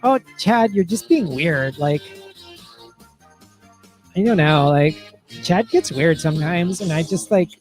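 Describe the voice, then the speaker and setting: A man's voice: fairly high pitch, lively intonation, takes it slowly, long pauses, faint music behind. A man voicing a ditzy, bubbly young woman influencer who fills every phrase with "like", in a comedy livestream bit. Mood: airy. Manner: valley-girl talk, every phrase padded with "like".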